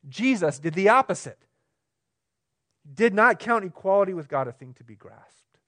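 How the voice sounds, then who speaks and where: A pastor preaching a sermon, swinging between emphatic, raised lines and quiet, low ones, often checking in with the congregation. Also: male voice, sing-song, normal speed. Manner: asks the room questions, conversational.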